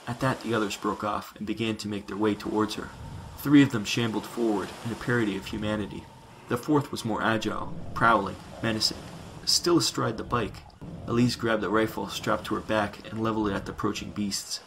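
A man narrating science fiction in a measured, dramatic reading. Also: lowish voice, steady tone, creaky, fairly bright tone, slight background noise, low-quality recording.

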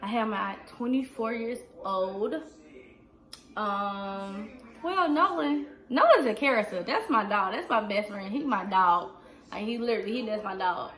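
Seorang wanita berusia dua puluhan menjawab pertanyaan penonton dengan santai di rumah, sering memakai "like" dan "um". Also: female voice, medium pitch, unhurried, fairly bright tone. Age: 20s. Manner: chatty, fills with "like" and "um". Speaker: vlogger. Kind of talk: casual Q&A vlog. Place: indoors at home.

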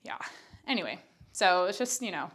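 A woman's voice: fairly low pitch, lively intonation, normal speed, fairly bright tone. A young woman teaching a Pilates workout, out of breath, chatty and candid as she counts reps and talks through the moves. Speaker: Pilates instructor. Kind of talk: workout instruction.

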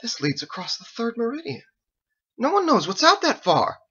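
A man voicing a young female corporal who barks high, shouted military replies, in a dull lo-fi recording. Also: huge pitch swings, moderate pace, breathy edge, full character voice. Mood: startled.

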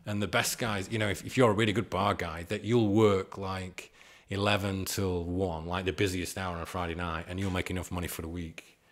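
A man in his forties talks through his past in a loose, meandering way, often chuckling at himself. His voice sits very low. It is a relaxed podcast-guest chat. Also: fairly quick, hardly any pauses. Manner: rambling, chuckling, self-deprecating. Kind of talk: casual storytelling chat.

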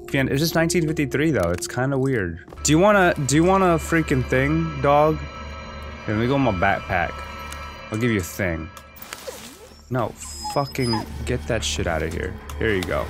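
A man doing let's play commentary, loud and cursing as he yells at the game. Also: medium pitch, expressive, normal speed. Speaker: gaming video host. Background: game music and sounds.

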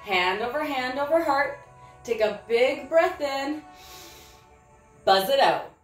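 A woman's voice: high-pitched, lively intonation, slow, echoey room, faint music behind, low-quality recording. A woman teaching preschool yoga, encouraging and sing-song, making animal sounds as she guides the poses. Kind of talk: guiding a preschool yoga class.

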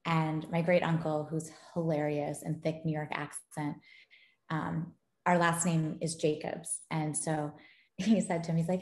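With a deep voice and a moderate pace, a gaming company founder tells stories in a relaxed interview. She's lively and laughs frequently, in a recording with roomy echo.

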